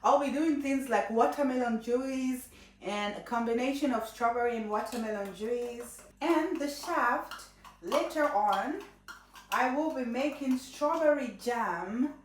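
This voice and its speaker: A woman's voice: a little high, slight background noise. A woman vlogging in her home kitchen, chatting casually and playfully as she walks viewers through a homemade juice recipe and urges them to subscribe. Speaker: cooking vlogger. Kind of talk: casual how-to chat to camera. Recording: roomy echo, mic at a distance.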